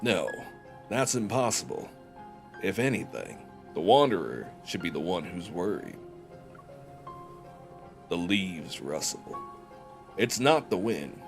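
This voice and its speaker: A young man with a relaxed Southern US drawl and a lowish voice, reading game narration slowly and joking with his audience between lines. Soft music plays underneath. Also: vocal fry. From Georgia, USA. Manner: chatty, joking, slow and deliberate when narrating. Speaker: streamer. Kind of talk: casual chat while reading a game story aloud.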